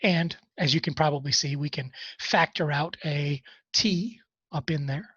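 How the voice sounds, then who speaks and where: Man, math instructor, casual lecture, raspy voice, dry close mic, muffled sound. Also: fairly high pitch, a little slow, pushed and bright, dry recording. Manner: conversational, self-deprecating asides while working problems. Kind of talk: recorded class lecture.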